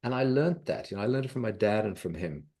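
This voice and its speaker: Brief: middle-aged man, low voice, animated storyteller on a podcast. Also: fast, gravelly. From South Africa. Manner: lively anecdotal storyteller, acts out quoted voices. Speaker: podcast guest, investor.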